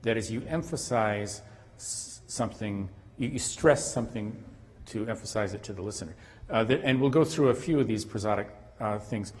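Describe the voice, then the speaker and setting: A man giving an academic conference lecture, halting at times with restarts and fillers. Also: on the low side, darkish tone. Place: conference hall. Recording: long hall reverb.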